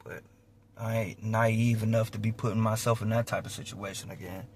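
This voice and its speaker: A young man telling a personal story casually, animated and slangy with plenty of swearing, acting out gunshots with mouth sounds. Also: fairly low pitch, normal speed, slight background noise. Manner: profane, slangy; winds down quiet and reflective at the end.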